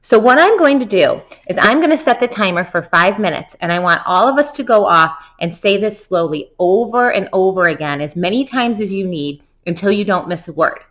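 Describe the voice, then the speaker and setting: A woman, a children's book author, leading a tongue-twister activity for kids, saying words slowly and clearly for them to repeat. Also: mid-range voice, animated, a bit bright, poor audio.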